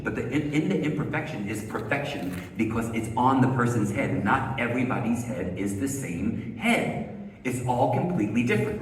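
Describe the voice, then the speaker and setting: A man leads a hair-cutting lesson, quizzing his listeners and drilling key words over and over. His voice carries from a distance, bouncing around a big, echoey hall with a long reverb tail. A faint hum of the room sits underneath. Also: mid-range voice. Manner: coaching, asks rhetorical questions, repeats key words. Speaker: hair educator. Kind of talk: live haircut demonstration. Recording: echoey hall, mic far off.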